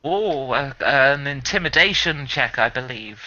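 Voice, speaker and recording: A man's voice: mid-range voice, animated, a little slow, sharp tone. A man running a tabletop game as game master over voice chat, chatty and often laughing as he narrates. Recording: dull lo-fi voice chat audio.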